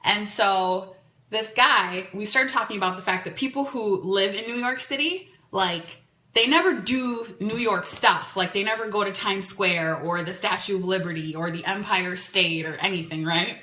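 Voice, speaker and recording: Casually recounting a dating story on her podcast, this woman is chatty and animated, saying "like" over and over. She has a mid-range voice at a normal speed, and the room sounds echoey.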